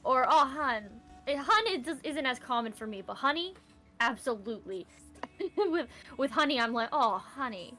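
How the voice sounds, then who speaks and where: A woman's voice: sits high, expressive, moderate pace, pushed and bright, soft background music. A woman streamer from the American South chatting casually with friends, laughing often and playful. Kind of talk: casual chat.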